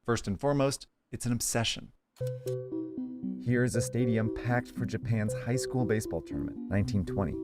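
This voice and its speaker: A man narrating a documentary in a polished, measured, scripted way. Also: on the low side. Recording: narration over clear music.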